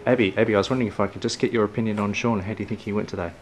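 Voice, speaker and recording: A man, an interviewer asking questions in an apologetic, rushed way. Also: on the low side, steady tone, faint music behind. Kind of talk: mockumentary interview.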